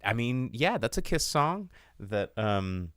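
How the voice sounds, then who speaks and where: A man hosting a podcast, rambling through a crude, animated film review in casual chat. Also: medium pitch, takes it slowly, clean tone, dry recording, studio quality.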